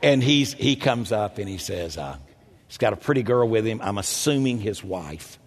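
An older man preaching a storytelling sermon, animated and self-mocking, with a husky voice. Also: moderate pace. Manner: animated, self-mocking, jumps into loud high quoted voices. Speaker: pastor. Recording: echoey hall.

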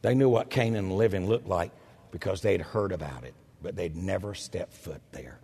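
An older man preaching a storytelling sermon, animated and self-mocking, with a husky voice. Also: moderate pace. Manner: animated, self-mocking, jumps into loud high quoted voices. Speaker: pastor. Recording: echoey hall.

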